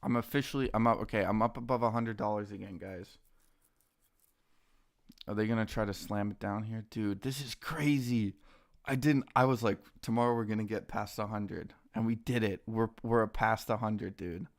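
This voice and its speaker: Excitable young man streaming trades. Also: on the low side, moderate pace. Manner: excitable, talks to chat and his dogs, says dude a lot. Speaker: stock trading livestreamer. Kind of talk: casual live-stream chat.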